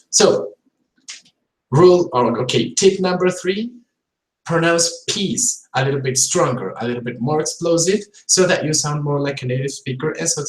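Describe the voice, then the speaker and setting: A male English teacher gives a live-streamed pronunciation lesson. He repeats sounds and words to demonstrate them and keeps checking in with his viewers. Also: on the high side. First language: Spanish. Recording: roomy echoey room.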